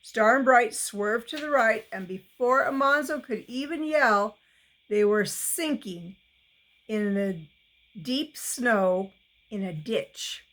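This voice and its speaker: A woman reading a children's novel aloud, slowly and deliberately, with small slips. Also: on the high side, animated, fairly bright tone, poor audio. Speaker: reader.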